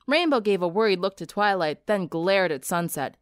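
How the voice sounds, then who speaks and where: A woman reading a story aloud, her pitch rising and falling with lively expression. The sound is dry and close, with no room around it. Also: normal speed, hardly any pauses, no echo. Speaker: narrator. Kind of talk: audiobook narration of fan fiction.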